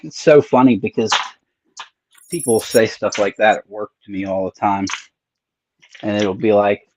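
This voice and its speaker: A man's voice: fairly low pitch, normal speed, a little mellow, slight background noise. A man hosting a casual live-stream chat, joking around playfully. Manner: playful, jokey. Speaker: channel host. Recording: dull, muffled audio.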